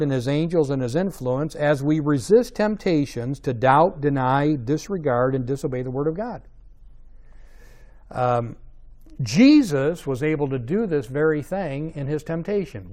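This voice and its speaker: A man's voice: fairly high pitch, a little mellow. A man teaching a Bible study in a conversational way, checking in with rhetorical questions and rising to emphatic stresses.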